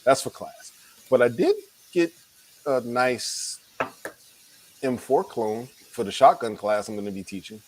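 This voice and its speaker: A man's voice: medium pitch, animated, unhurried, pauses often, darkish tone, a little hiss or hum, low-quality recording. A man co-hosting a late-night chat, talking casually and rambling with restarts, a little tired. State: tired, yawning. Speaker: podcast co-host.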